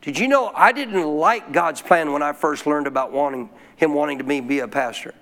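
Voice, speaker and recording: A man's voice: on the high side, moderate pace, fairly bright tone. A man preaching a sermon as pastor, who keeps calling out questions to the congregation. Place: church.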